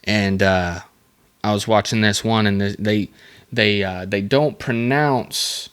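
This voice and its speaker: Rambling, jokey man hosting a podcast. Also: lowish voice. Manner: reads facts aloud, then breaks off into rambling jokey asides; halting, with many fillers and restarts. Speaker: podcast host. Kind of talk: casual solo podcast.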